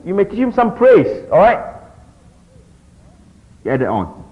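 A man's voice: sits high, a little slow. A middle-aged man teaching a group about discipling, often checking in with his listeners. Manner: animated, keeps checking in with the audience. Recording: dull lo-fi recording.

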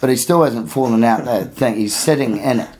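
A man tells a story in a relaxed podcast chat. He laughs often and slips into the voices of the people he describes. His voice sits at an ordinary middle pitch. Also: a little fast. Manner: animated, laughing storyteller who acts out voices.

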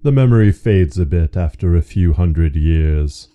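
A man's voice: deep voice, lively intonation, a little slow, mellow, lo-fi sound, pitched below the performer's own voice. A man voicing an arrogant ancient male parrot in a very proper, haughty manner.

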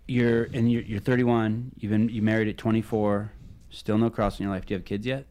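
A man hosting a podcast interview, casual and joking, firing quick follow-up questions. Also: fairly low pitch, little pitch movement, darkish tone. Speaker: podcast host.

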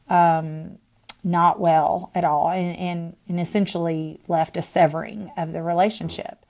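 Woman minister-host, slightly low and gravelly, earnest storytelling with pauses. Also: darkish tone. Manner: earnest, many pauses and restarts. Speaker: discipleship minister and podcast host. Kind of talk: personal faith storytelling.

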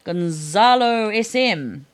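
Lively, teasing woman reading reviews. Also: mid-range voice, takes it slowly. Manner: teasing, laughs often. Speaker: podcast co-host and voice actor. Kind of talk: casual banter, reading reviews aloud.

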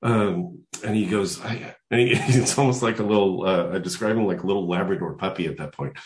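An older man telling a personal story in conversation, lively as he slips into other people's voices. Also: low-pitched, fairly quick. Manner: animated storyteller who acts out quoted voices. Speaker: guest. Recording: echoey room.

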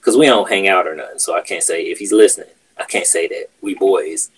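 Husky-voiced man telling a story. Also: sits low, fairly quick, poor audio. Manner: animated, profane storytelling. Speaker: podcast host. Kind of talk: casual chat.

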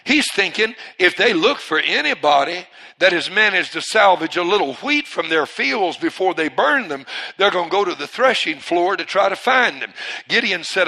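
High-voiced guy preaching in church, loud bursts then goes quiet, gets folks to say it with him. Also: lively intonation, moderate pace. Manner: dynamic, swings from loud bursts to hushed lines; leads the congregation in call-and-response. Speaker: pastor. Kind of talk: preaching a sermon. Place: church service.

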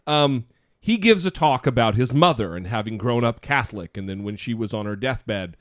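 Male podcast co-host, lively pitch, dry close mic, rambling and self-deprecating. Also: moderate pace, no echo. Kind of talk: casual podcast chat.

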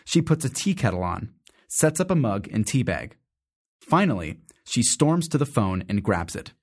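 A man reads the stage directions in a matter-of-fact, measured way. His voice sits fairly low. It sounds like a stage play reading. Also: very animated, darkish tone, breathy edge.

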